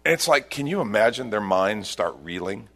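A man preaching a sermon, retelling a scripture story and leaping up in pitch at its dramatic turns. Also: moderate pace. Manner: animated storytelling, voice rising sharply at dramatic points. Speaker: pastor.

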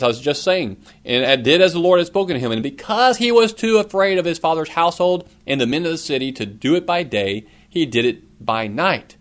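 This middle-aged man's voice sits on the high side and sounds a bit bright as he delivers an earnest sermon. Speaking as a pastor, he asks the congregation questions, with an occasional cough.

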